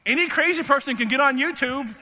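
Tearful, fervent high-voiced preacher man. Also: fast talker, sharp tone, big-room sound. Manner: emphatic, repeats words, rising to fervent pitch. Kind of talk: sermon.

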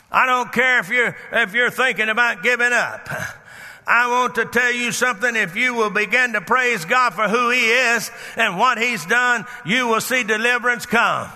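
Fervent high-voiced preacher man. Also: big-room sound. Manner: fervent, builds to shouting. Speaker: pastor. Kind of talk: sermon.

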